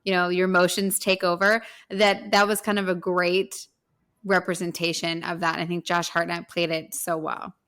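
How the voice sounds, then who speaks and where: Chatty woman podcast co-host, low-pitched. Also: flat delivery, normal speed, a bit bright. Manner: chatty storyteller, laughs often. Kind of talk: casual chat.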